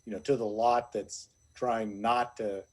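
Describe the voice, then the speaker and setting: A man's voice: lowish voice, little pitch movement, a little slow, a little mellow. A man on a city planning commission arguing a point in a meeting, rambling with many fillers. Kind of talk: meeting discussion.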